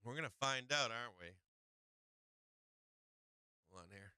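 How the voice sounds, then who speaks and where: A man's voice: medium pitch, a little slow, smooth, no room sound. A middle-aged man hosting a live stock market stream, chatting casually with viewers and swearing freely. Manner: excitable, swears freely, talks to chat. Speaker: stock market livestream host. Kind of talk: casual live trading commentary.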